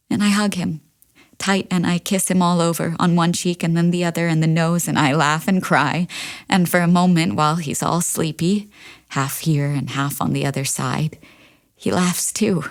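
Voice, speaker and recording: A woman performing a staged reading of a play as a monologue, wry and anxious, moving between brisk lists and hushed, confessional passages, recorded in a studio. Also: low voice.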